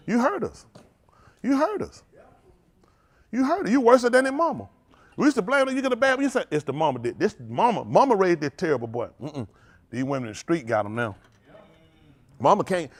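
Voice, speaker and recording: Animated preacher man with a high, swooping voice. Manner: animated, confrontational preaching with congregation call-outs. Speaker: pastor. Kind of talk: sermon.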